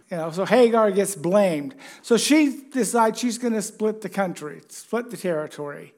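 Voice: mid-range voice, darkish tone. A pastor giving a conversational sermon, chatty and joking, putting questions to the congregation.

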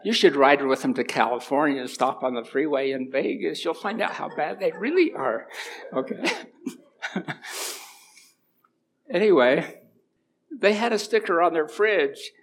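A middle-aged man giving an informal church talk, mixing homely stories with scripture readings, with a runny nose. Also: a little high. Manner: folksy storytelling mixed with scripture reading. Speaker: church speaker.

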